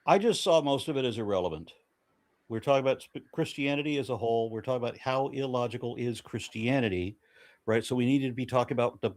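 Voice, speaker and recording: A man's voice: mid-range voice, darkish tone. A man in a live-streamed debate discussion, talking bluntly and with open exasperation, ready to swear when frustrated.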